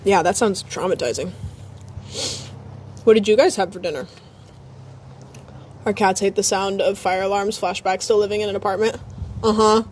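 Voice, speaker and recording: A woman's voice: mid-range voice, fairly even intonation, moderate pace, long pauses, a little mellow, slight background noise. A woman live-streaming from her phone at home, chatting casually to her viewers and her dog as she grills. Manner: chatty, rambling, talks to her dog and chat.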